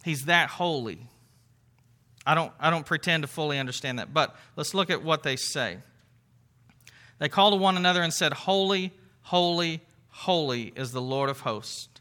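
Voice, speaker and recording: A man's voice: on the high side, normal speed, sharp tone. A man preaching a sermon to his congregation, conversational, with rhetorical questions and asides. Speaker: pastor.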